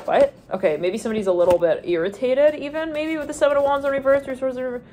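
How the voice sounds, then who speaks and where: A woman's voice: high voice, racing, warm tone, a little hiss or hum. A woman giving an intuitive tarot reading in a rambling, stream-of-consciousness way, with lots of "like" and restarted thoughts. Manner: trails off and restarts mid-thought. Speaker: tarot reader.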